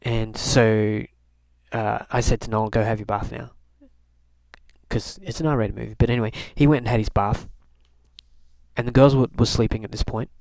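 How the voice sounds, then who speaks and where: A young Canadian vlogger tells a casual, rambling diary story with wry humor, fillers and restarts. His lowish, gravelly, darkish voice is steady and moderately paced, pausing often, with no echo.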